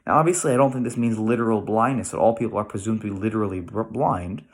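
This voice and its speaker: A man's voice: fairly low pitch, fast talker. A middle-aged American man giving a casual Torah lesson, thinking aloud with restarts and rhetorical questions. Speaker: rabbi teaching weekly Torah lesson.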